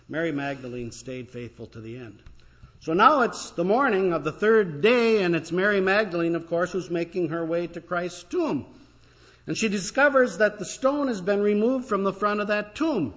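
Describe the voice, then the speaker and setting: Male pastor, sermon, conversational storyteller with fillers, slightly high voice, muffled church recording. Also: normal speed, a bit bright.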